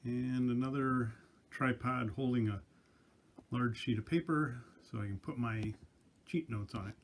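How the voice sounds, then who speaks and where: A man's voice: medium pitch, measured pace, slight background noise. A man making a casual vlog from a basement back bedroom, talking plainly to the camera into a small tabletop microphone with dry, self-deprecating humor. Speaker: vlogger. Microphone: small tabletop mic on a tripod.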